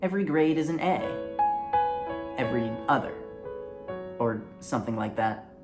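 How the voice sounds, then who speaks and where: A man hosting a comedy video, giving deadpan, sardonic commentary. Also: medium pitch, normal speed, loud music behind the voice.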